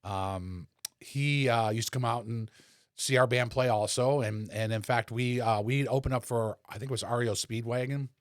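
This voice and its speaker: A man in his sixties, a podcast guest and former rock bassist, telling relaxed, rambling anecdotes with lots of fillers. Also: moderate pace, dry recording, studio quality. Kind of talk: casual conversational storytelling.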